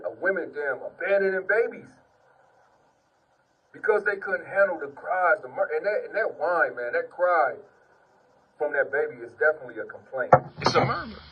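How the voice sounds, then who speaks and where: A man's voice: on the high side, fairly bright tone, breathy edge, distant mic, low-quality recording. A man giving an informal sermon and testimony, reading scripture and preaching earnestly, repeating "man" often while sitting on the ground. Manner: earnest, repetitive, peppers speech with "man".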